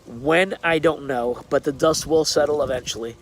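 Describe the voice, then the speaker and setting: A man's voice: on the high side, moderate pace, slight background noise. Friendly man with hesitant fillers. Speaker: celebrity well-wisher sending a video message. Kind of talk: casual recorded greeting. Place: outdoors on a backyard deck.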